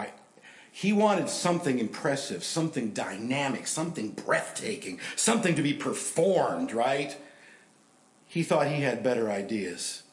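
Animated preaching man, echoey room. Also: medium pitch. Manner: animated storyteller, acts out quotes and shouts for emphasis. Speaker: pastor. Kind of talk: sermon.

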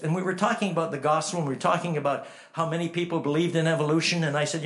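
A man preaching a storytelling sermon, swinging from hushed to emphatic and asking the listeners direct questions. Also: on the high side, quick pace, few pauses.

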